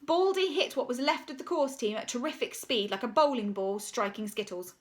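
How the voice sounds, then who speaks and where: A woman's voice: fairly high pitch, brisk. Woman, storybook reader, playful, sound effects and asides. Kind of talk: children's story reading.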